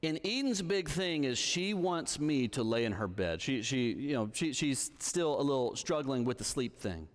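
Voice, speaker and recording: A man's voice: mid-range voice, sing-song, moderate pace, hardly any pauses. A man in his thirties preaching a sermon in a church hall, telling stories conversationally and checking in with his listeners. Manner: conversational storytelling, checks in with the audience.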